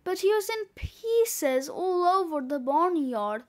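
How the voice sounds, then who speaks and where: A fussy, easily shocked schoolboy scolds his friend in an exasperated, high voice, as a woman reading a storybook puts him on. He speaks slowly and with care. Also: big pitch swings, heavily acted. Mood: scolding.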